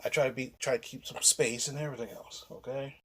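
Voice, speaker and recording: A man's voice: mid-range voice, steady tone, fast talker, breathy edge. A man vlogging, telling a personal story in a casual, rambling way, blunt and full of swearing, often restarting his sentences.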